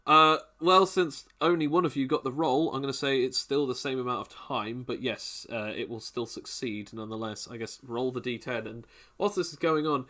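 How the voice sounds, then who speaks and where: Bright-voiced male game master, rambling. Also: mid-range voice, normal speed, hardly any pauses. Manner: rambling, restarts while ruling. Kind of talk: running a tabletop game.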